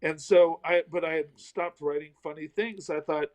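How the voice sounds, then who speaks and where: Animated, self-mocking storyteller man. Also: fairly high pitch, normal speed, rough recording. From American South. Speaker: comedian guest. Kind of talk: storytelling in a casual interview.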